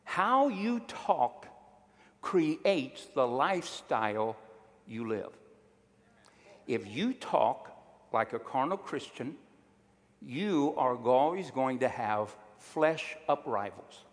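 A man's voice: medium pitch, sing-song, slow pace, big-room sound. A male pastor preaching a sermon, emphatic and drawing call-and-response from his congregation.

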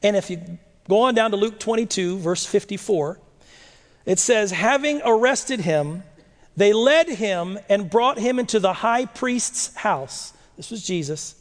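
A man preaching a sermon, reading scripture slowly and breaking in with lively rhetorical questions. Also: high voice. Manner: animated, rhetorical questions, dramatic slow readings. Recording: long echo of a large hall.

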